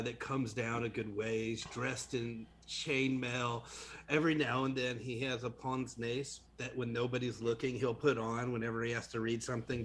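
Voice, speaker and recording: A man describing his tabletop character in a halting, casual way. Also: medium pitch, a bit bright, slight background noise. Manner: halting, many fillers. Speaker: player.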